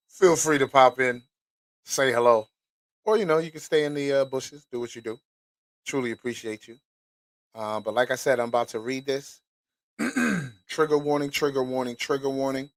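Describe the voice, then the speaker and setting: A man's voice: medium pitch, a little slow, pauses often, dry recording, low-quality recording. Male podcast host, mid-range voice, casual and blunt, dry close sound. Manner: casual, blunt and profane, with asides to listeners. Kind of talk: casual podcast commentary, reading a document aloud.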